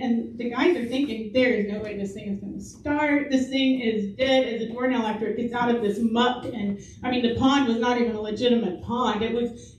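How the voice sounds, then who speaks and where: This is a middle-aged woman at a church service, her fairly high voice carrying a chatty, story-driven sermon punctuated by laughter. The distant mic picks up the echo of the church hall plus a little hiss or hum.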